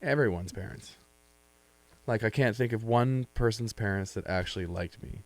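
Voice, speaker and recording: A man's voice: normal speed, dry recording. A young man co-hosting a podcast in casual chat, playful and teasing as he tells stories. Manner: playful, teasing, swings in pitch. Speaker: podcast co-host.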